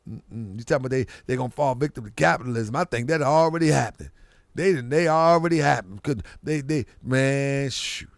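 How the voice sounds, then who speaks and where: A man hosting a casual live stream, rambling and animated and breaking into loud laughter. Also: medium pitch, brisk, creaky, dry recording, clean studio sound.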